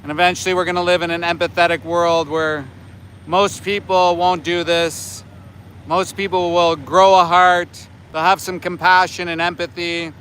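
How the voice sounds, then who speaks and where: A man's voice: sits high, fairly bright tone, a little hiss or hum. Sarcastic man livestreaming outdoors. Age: 40s. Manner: sarcastic, scolding, talks back to chat. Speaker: livestreaming activist. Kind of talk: livestream chat with viewers. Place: outdoors near a slaughterhouse by homes.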